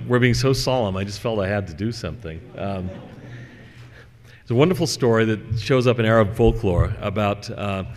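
A man giving a scripture lecture in a scholarly, digressive way with gentle humor. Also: lowish voice, big-room sound.

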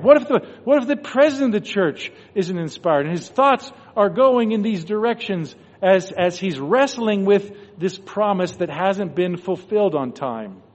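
A man giving a devotional talk, telling a story and acting out the thoughts of the people in it. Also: high voice. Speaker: religious speaker. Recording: dull recording in a reverberant hall.

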